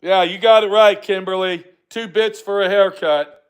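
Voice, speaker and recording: An older man broadcasts live from his workshop, cursing and arguing with commenters in an angry rant. His voice sits high, with a steady tone and a normal speaking speed.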